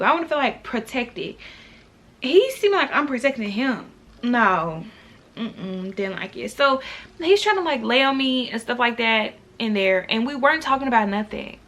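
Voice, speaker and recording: Young woman vlogger, higher voice, chatty storytime to viewers, incredulous. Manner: animated, talks to viewers directly; exasperated, incredulous. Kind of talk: casual storytime.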